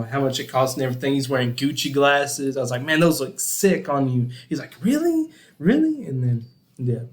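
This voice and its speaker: A young man casually telling a story on a podcast, laughing a lot and acting out other people's lines. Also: mid-range voice. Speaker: podcast co-host.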